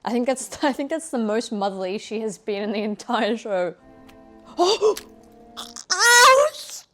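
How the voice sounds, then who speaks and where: A young woman hosting a reaction video, chatting casually and excitedly, often gasping and exclaiming. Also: mid-range voice, brisk, faint music behind.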